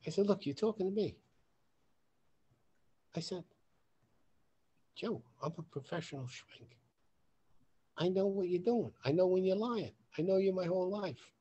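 Animated man telling a story. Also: sits high, measured pace, long pauses, husky. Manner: animated, acts out quoted dialogue in a raised voice; swears casually. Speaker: podcast host. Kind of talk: storytelling on a talk podcast.

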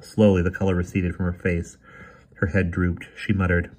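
Husky low-voiced male reader. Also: little pitch movement, a little fast, a little mellow. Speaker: audiobook reader. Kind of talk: reading a novel aloud.

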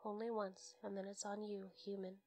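A woman in whispered role-play, voicing a stern, terse ancient male fae lord who speaks low and clipped. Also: monotone, normal speed, darkish tone, faint music behind. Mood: menacing.

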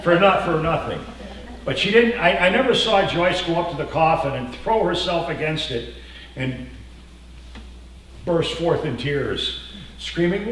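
Folksy preacher in an echoey hall. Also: male voice, on the high side, normal speed, far from the mic. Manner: folksy, animated preaching that swells loud. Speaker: pastor. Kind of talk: sermon.

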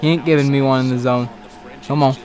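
This gaming commentator talks fast in a mid-range voice while playing a baseball video game. His let's-play chatter is casual and excitable, full of swearing and retorts aimed at the game.

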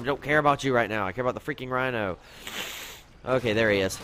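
A young man commentating on his own gameplay, excitable, yelping and complaining at the game as he plays. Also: mid-range voice, quick pace, a little hiss or hum. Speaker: gaming commentator.

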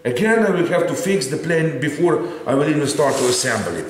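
Animated man with a lively, echoey voice. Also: a little high, brisk. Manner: animated, theatrical complaining, tags lines with "eh?". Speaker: RC hobby channel host. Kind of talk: casual unboxing chat. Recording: echoey room with faint noise.

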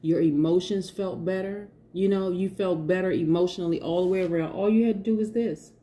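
A woman's voice: fairly low pitch, steady tone, brisk, dark tone. A woman giving a casual tarot reading, chatty and emphatic, repeating her points and laughing often. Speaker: tarot reader.

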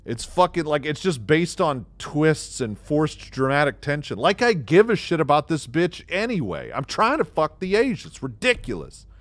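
A male streamer ranting about a game's story with exasperated, sarcastic profanity. His high voice leaps up and down animatedly, and the sound is close and dry. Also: big pitch swings, moderate pace, hardly any pauses, no room sound. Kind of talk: ranting live game commentary.

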